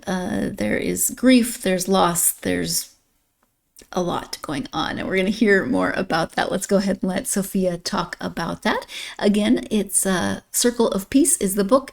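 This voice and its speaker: A woman hosts a book podcast in a relaxed, chatty way. Her voice has a gravelly fry, and she drifts through fillers and quick restarts as she introduces the episode. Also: mid-range voice. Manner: chatty, with fillers and self-corrections. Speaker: podcast host. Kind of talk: casual podcast talk and book blurb reading.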